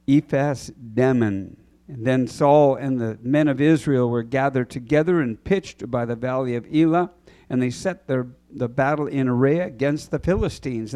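A man, a preacher, reading scripture aloud deliberately, pausing to clear his throat and correct himself. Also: medium pitch, darkish tone.

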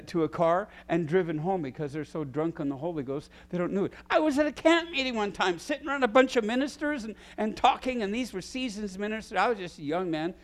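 A middle-aged man preaching a sermon to his small church, acting out scripture with big swings in pitch and loudness. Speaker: pastor.

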